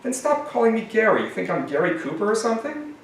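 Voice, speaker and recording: A man doing a shrill, effeminate tough guy. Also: very animated, fast, a little hiss or hum. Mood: stern. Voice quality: high, effeminate. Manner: stern, mean, commanding. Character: menacing macho man in leather, shrill effeminate voice. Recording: echoey room from a distance.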